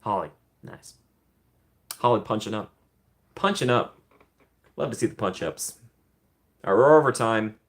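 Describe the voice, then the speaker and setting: A fairly low-pitched man with lively intonation speaks at a measured pace and pauses often. As host of a laid-back live Q&A stream, he reads viewer questions out loud and responds chattily, laughing frequently and using many ums.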